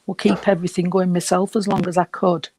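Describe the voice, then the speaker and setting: A man giving a reading at a service, gentle and reassuring, and short of breath. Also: high voice, flat delivery, brisk, no echo. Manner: gentle, reassuring, calls people sweetheart. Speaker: spiritualist medium.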